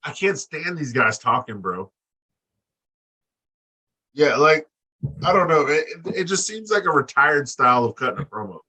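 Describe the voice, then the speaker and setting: Bright-voiced man ranting crudely. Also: a little high, normal speed, long pauses, breathy edge, low-quality recording. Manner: blunt, crude, animated rants. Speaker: podcast co-host. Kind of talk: casual profane chat.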